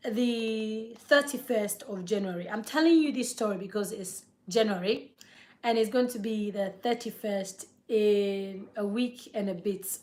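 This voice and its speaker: A woman's voice: on the high side, a little mellow. A woman in her thirties telling a heartfelt personal story on a live vlog, repeating words for emphasis and checking in with her listeners. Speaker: vlogger.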